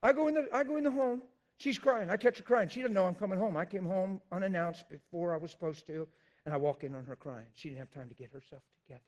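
A high-voiced male pastor preaches with blunt, confessional candor. He shouts out his points and then drops low and quiet. His high pitch carries through both. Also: fast, lo-fi sound. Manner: swings from loud shouting to quiet storytelling. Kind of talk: sermon.

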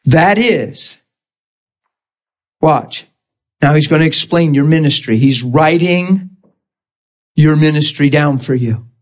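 A man's voice: a little high, slow pace, long pauses. A man preaching a sermon, emotional and vivid, acting out scripture scenes and laughing often.

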